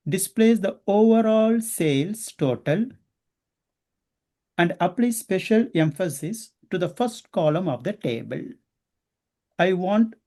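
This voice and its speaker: An instructor with a medium-pitched, slightly mellow voice teaches a class one step at a time. She or he frequently pauses to check in, posing questions to the students.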